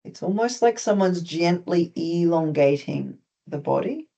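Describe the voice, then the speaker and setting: An instructor with an Australian accent leads a group through simple stretches and breathing, speaking calmly and steadily. The cues are gently instructive, with small touches of humor mixed in. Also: medium pitch, measured pace, gravelly. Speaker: movement instructor. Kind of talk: guided stretching class.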